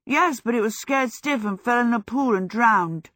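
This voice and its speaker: A woman's voice: on the high side, moderate pace, fairly bright tone, no room sound, clean studio sound, voice pushed up, lightly acted. A woman voicing an eager young male apprentice in an audiobook, speaking earnestly.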